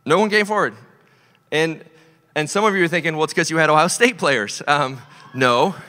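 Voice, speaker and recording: A man preaching a storytelling sermon to a church, his voice bright and a little high for a man. He swings between loud, animated bursts and hushed, earnest stretches. The sound carries a long hall reverb from the church auditorium. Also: moderate pace. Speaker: pastor.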